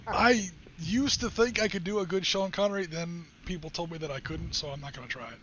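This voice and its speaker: Brief: man, high-pitched, chatty host walking players through rules; dull audio with faint hiss. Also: fairly bright tone. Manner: chatty, joking, quick rule explanations. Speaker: wargame stream host. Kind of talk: casual chat while explaining game rules.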